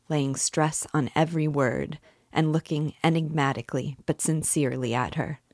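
A woman narrating a classic novel aloud in a measured, deliberate reading. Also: very deep voice, steady tone, darkish tone, no echo, clean studio sound. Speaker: reader and guide.

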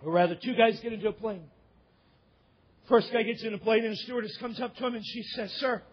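Husky high-voiced man preaching animatedly. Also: fast, lo-fi sound. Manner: animated storytelling, often shouting. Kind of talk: sermon with acted-out parable.

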